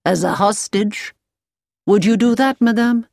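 A woman voicing a calm, businesslike elderly man who speaks slowly and soothingly while holding someone captive. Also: medium pitch, creaky, no echo, studio quality, voice pushed up. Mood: calmly menacing. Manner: slow, measured, soothing.

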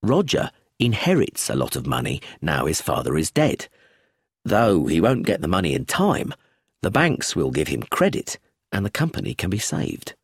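A man reading a storybook, voicing a calm male police inspector who explains things in a measured, matter-of-fact way. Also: low voice, husky, no room sound, studio quality, voice pushed down, heavily acted.

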